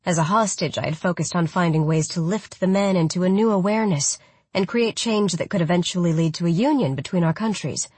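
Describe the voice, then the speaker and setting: A woman narrating a first-person audiobook in a reflective, even manner. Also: on the low side, brisk, husky, dry recording.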